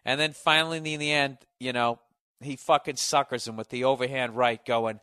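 A man's voice: medium pitch, fairly even intonation, normal speed, fairly bright tone, smooth. A man hosts a solo comedic rant, cursing freely and tripping over his own sentences as he goes. His voice sits in an ordinary middle range and sounds a little sore. The sound is dry and close, with no room echo. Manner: profane, rambling, self-interrupting; mimics others in raised voices. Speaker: podcast host.

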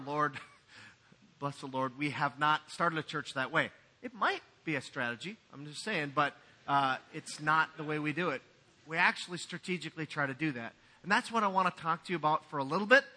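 A man's voice: a little high, moderate pace, sharp tone. A man pastor giving a sermon in a conversational, joking way.

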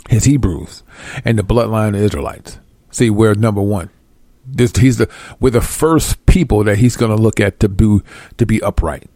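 A man's voice: lowish voice, dark tone, no echo. Preaching man with a dry, close sound. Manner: reads verses slowly, then explains in quick, emphatic street talk. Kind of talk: sermon with scripture reading.

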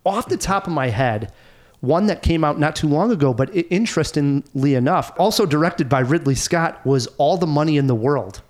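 Animated man reviewing a movie. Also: on the high side, moderate pace. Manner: animated, laughs often, mimics actors' voices. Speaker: film review podcast host. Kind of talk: casual movie review chat.

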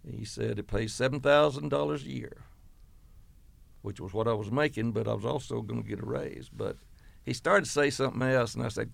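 An older man in his eighties recounts his coaching days in an unhurried, rambling interview, looping back with fillers and acting out old conversations. His voice is heavily gravelly and creaky, sitting at an ordinary pitch. The recording is close and dry, with no room sound. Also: no room sound. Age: 80s. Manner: meandering reminiscence with many fillers and quoted dialogue. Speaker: retired football coach. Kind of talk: oral history interview.

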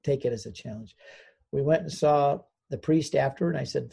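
Older American man, interview guest, earnest storyteller with a dark, gravelly, husky voice. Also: mid-range voice, a little fast. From United States. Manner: earnest storyteller, gets choked up, voices quoted people. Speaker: interview guest, Catholic convert author. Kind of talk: telling his conversion story.

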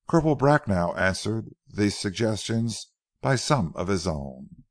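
A man reading a novel aloud as narrator, in a measured, deliberate way. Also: fairly low pitch, big pitch swings, no echo, studio quality. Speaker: audiobook narrator.

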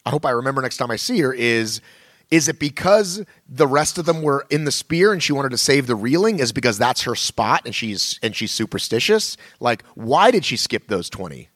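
Lively, restless male podcast co-host. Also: medium pitch, normal speed, no room sound. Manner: animated, rambling with many restarts. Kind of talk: casual chat.

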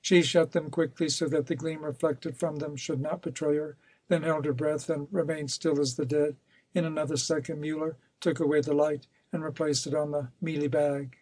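Male audiobook reader: steady, measured narration, slightly high-pitched, dry close-miked sound. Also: no echo, rough recording. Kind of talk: scripted narration of a novel.

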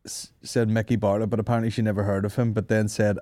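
A man's voice: on the low side, little pitch movement, fast talker, mellow, dry recording, studio quality. A man hosting a comedy podcast, chatting casually with lots of swearing and mock rants. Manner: swearing, laughing, mock ranting. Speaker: podcast host.

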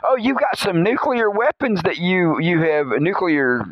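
A man's voice: high voice, moderate pace, no echo, dull audio. A man hosting a comedy podcast, telling a rambling, cursing story, laughing often and humming movie music. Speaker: podcast host. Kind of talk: comedic monologue.

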